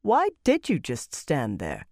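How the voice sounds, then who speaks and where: A woman voicing an angry, haughty villainess in a fantasy audiobook, with a demanding, sharp manner. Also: very deep voice, huge pitch swings, takes it slowly, vocal fry, no echo, clean studio sound, full character voice.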